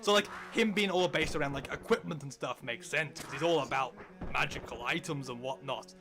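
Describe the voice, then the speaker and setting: A man's voice: mid-range voice, brisk, over music. A man co-hosting a casual podcast, enthusiastically explaining fantasy lore with many "like"s. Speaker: podcast co-host.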